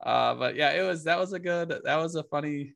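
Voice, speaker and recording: A man's voice: a little high, a little fast, creaky, a bit bright, no echo. A man co-hosting a podcast, telling casual stories and often laughing as he talks. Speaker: podcast co-host. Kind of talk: casual chat.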